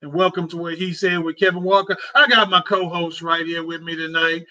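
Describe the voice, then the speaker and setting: A man with a high, bright voice hosts a casual talk show. He talks in a heartfelt, repetitive, conversational way, and the recording sounds dull and lo-fi. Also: fairly even intonation, brisk. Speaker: host.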